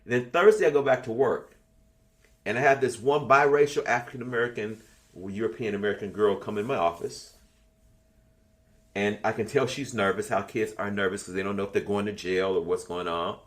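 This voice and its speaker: A man's voice: lowish voice, steady tone, fairly quick. A man in his sixties leading an online spiritual class, talking casually and bluntly, swearing freely as he tells stories. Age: 60s. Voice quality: blunt, profane, storytelling. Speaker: class leader.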